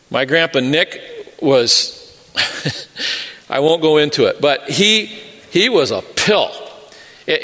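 A middle-aged man, a pastor, preaching an earnest sermon with measured pauses and personal stories. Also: on the high side, sharp tone. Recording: long reverb of a large hall.

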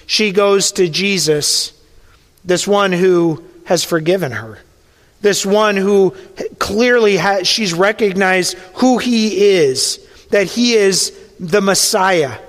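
Guy preaching, storytelling sermon, goes hushed at the heavy parts, big hall reverb. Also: high-pitched. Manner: storytelling, drops to a hushed voice at emotional points.

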